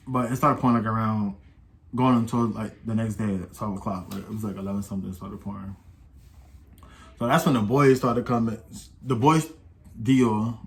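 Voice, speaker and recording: A young man casually telling a personal story to camera in loose slang, getting louder and livelier when he quotes the people in it. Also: lowish voice. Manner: slangy, animated when quoting others. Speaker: storytime vlogger.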